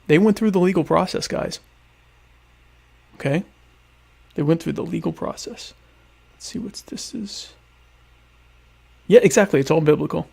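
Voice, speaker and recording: Breathy-edged and creaky, his fairly high voice has a darkish tone, a moderate pace and long pauses. Eating dinner during a casual solo livestream from home on a webcam setup, the podcast host rambles sarcastically in a mock-grandiose manner.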